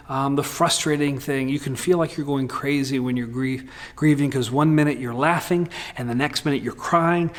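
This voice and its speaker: A male pastor preaching a sermon in a candid, humorous way with lively swings in delivery. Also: mid-range voice.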